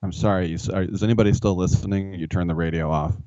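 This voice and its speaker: Low-voiced, rambling sports radio host. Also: male voice, fairly even intonation, quick pace, dark tone, no room sound. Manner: rambling, self-mocking storytelling. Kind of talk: casual sports talk radio. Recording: dull, dry studio sound.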